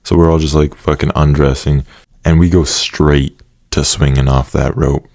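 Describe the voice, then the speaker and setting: A man's voice: a bass voice, fairly even intonation, moderate pace, a little mellow, no echo, studio quality. A young man casually telling a personal story, swearing often and laughing now and then. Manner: casual, profane, laughing asides.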